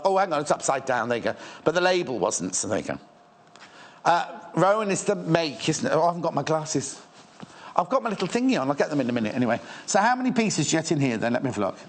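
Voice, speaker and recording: A man hosts a live shopping channel, gushing over sewing fabrics with rambling, playful asides to the crew. His voice sits fairly high and swoops all over the place.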